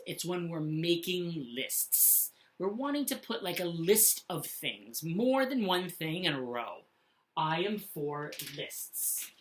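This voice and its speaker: A woman teaching punctuation to young children in a slow, sing-song voice, often checking in with "okay?". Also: on the low side. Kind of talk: classroom lesson for children.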